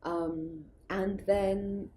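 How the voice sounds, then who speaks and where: A young woman speaks extremely slowly in a warm, steady, mid-range voice, with a little hiss or hum in the recording. Appearing as an interview guest, the arts project founder rambles through casual stories, full of fillers and restarts and frequent laughter.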